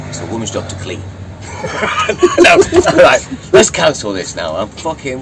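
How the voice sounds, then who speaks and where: Deep-voiced, sweary Lancashire man. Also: big pitch swings, a little slow, vocal fry, long pauses. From Blackpool, England. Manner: swears freely, rambling storyteller. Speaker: interview guest, yacht crew. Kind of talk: casual chat. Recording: distant mic with urban background noise.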